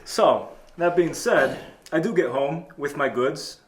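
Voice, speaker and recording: A man's voice: a little high, slow pace, a little hiss or hum. Boastful male talk-show host, echoey room. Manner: deadpan, boastful tall-tale telling. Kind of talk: comedic storytelling.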